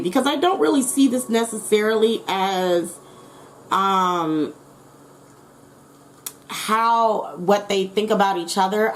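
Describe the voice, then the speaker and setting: A woman's voice: mid-range voice, a little hiss or hum, rough recording. A woman giving a casual tarot reading, talking in a rambling way, repeating herself and correcting her words as she goes. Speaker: tarot reader.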